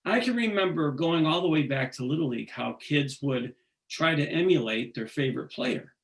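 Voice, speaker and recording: A man being interviewed, talking earnestly and haltingly, often restarting his sentences. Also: on the high side, expressive. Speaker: singer, interview guest. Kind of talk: casual interview conversation.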